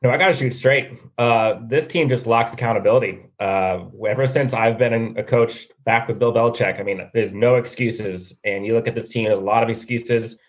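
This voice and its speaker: A man's voice: mid-range voice, natural voice. A man as a blunt, stern coach. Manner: blunt, no-nonsense. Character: blunt, stern male football coach candidate. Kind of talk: comedic mock job interview.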